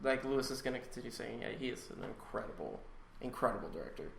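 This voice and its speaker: A man's voice: medium pitch, expressive, fast, creaky, fairly bright tone, echoey room. A man co-hosting a casual film podcast, joking and swearing as he talks. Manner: joking, swears, laughs often. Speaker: podcast co-host. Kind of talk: casual chat.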